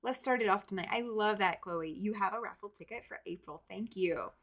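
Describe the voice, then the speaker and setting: A woman's voice: mid-range voice, fairly quick. A woman hosting a quilting live stream, chatting casually and greeting viewers by name. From American South. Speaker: quilting livestream host.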